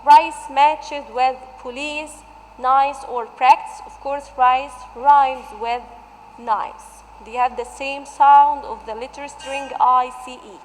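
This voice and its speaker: Woman teacher doing worksheet revision, talks real slow, high voice, room echo. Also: fairly even intonation, slight background noise. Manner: slow, stretched-out pronunciation of example words. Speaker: English teacher. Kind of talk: revision lesson, going through a worksheet.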